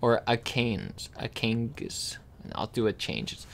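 A man casually reading dictionary words aloud, slowly sounding out hard ones, stumbling, correcting himself and adding dry amused asides. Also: medium pitch, sing-song, vocal fry, fairly bright tone, a little hiss or hum.

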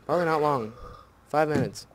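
A man's voice: on the high side, a little fast, background noise. A man giving casual gameplay commentary, grumbling and swearing whenever things go wrong. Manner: grumbling, easily annoyed, swears. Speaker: let's play host.

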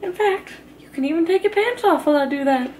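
A woman's voice: extremely high pitch, animated, fast, a little mellow, slight background noise, pitched above the performer's own voice. A woman voicing a creepy, leering man in a sly, coaxing, mock-sinister way. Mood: sleazy coaxing.

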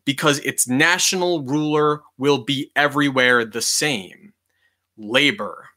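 A man reading a history book aloud in a measured, deliberate way, leaning on key words for emphasis. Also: mid-range voice, animated, bright, forceful tone.

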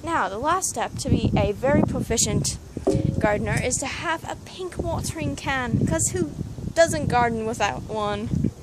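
High-pitched woman hosting a comic backyard vlog; dry, sarcastic delivery over a noisy outdoor recording. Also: measured pace. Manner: deadpan, sarcastic asides. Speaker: vlogger. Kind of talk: casual comedic garden tour. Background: neighbor's dog barking.

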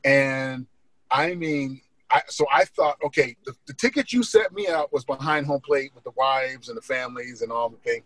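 A male comedian guest telling funny stories on a podcast, lively and acting out the people in them. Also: mid-range voice, normal speed, rough recording. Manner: lively, laughing, acts out voices. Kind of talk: animated storytelling.

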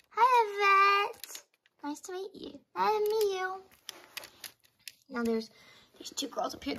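Woman, high pitch, bright tone, chatty doll role-play, many character voices. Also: slightly rough.

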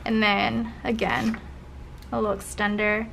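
A young woman flipping through her old planner spreads in a casual vlog, often trailing into soft, breathy gushing asides. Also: medium pitch, flat delivery, measured pace. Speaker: planner vlogger. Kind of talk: casual flip-through commentary. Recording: faint background noise.

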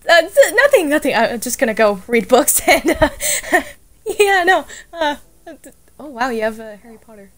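A woman's voice: high-pitched, sing-song, normal speed, a bit bright. A woman playing a flustered, nerdy young woman who stammers and giggles in a casual roleplay. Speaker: roleplay player.

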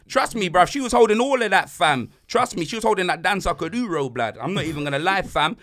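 A man hosting a casual banter podcast, slangy and animated, swinging between loud and soft. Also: high voice, fast talker, hardly any pauses. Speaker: podcast host.

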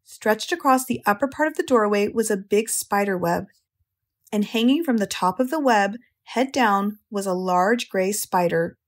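An American woman narrating a children's audiobook in a slow, clear, gentle way. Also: medium pitch. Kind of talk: storybook narration.

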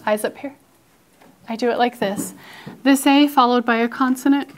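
A woman's voice: fairly high pitch, fairly even intonation, moderate pace. Dramatic, coaxing woman teaching a class. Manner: playfully dramatic, coaxing, with sighs and hushed asides. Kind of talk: classroom phonics lesson.

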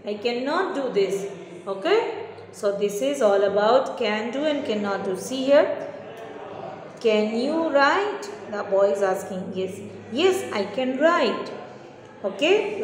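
A woman teacher, giving an online lesson to young children and explaining slowly with repeated checks like "okay?". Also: fairly high pitch, a little mellow. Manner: slow, repetitive explaining with question tags. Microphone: online class recording. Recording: echoey room with long reverb.

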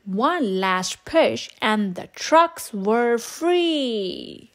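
A woman reading a children's picture book aloud, expressive and sing-song in her delivery. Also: a little high, extremely slow. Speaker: storyteller. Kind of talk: children's read-aloud storytime.

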